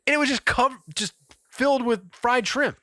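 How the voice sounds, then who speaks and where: A man co-hosting a podcast, telling a story in a casual, profane and animated way. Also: very high-pitched, normal speed, no room sound. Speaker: podcast co-host. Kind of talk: casual chat.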